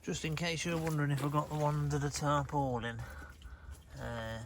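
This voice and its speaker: A man's voice: fairly high pitch, normal speed, slight background noise. A man hosting a casual outdoor video in a farmyard at night, chatty and wry, with mild swearing. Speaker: host.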